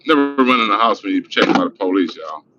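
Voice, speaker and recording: A man's voice: on the low side, expressive, fast, pushed and bright. A middle-aged man from Los Angeles telling a profane, rambling street story on a livestream. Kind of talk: casual storytelling. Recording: dull lo-fi sound with faint noise.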